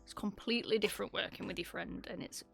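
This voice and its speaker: Teasing northern English woman, gravelly. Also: mid-range voice, steady tone, fast, a bit bright, faint music behind. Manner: teasing, laughs often. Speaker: keyboard builder. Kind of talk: casual chat on a livestream.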